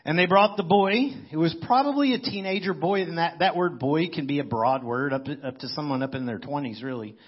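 A man's voice: a little high, a little fast, hardly any pauses, breathy edge, lo-fi sound. A man preaching a sermon in a conversational way, as if thinking aloud. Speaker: pastor.

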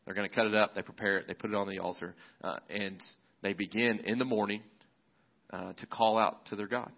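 A man's voice: lowish voice, fairly even intonation, brisk, gravelly. A male pastor preaching a sermon in a casual, conversational storytelling manner. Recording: slightly muffled recording.

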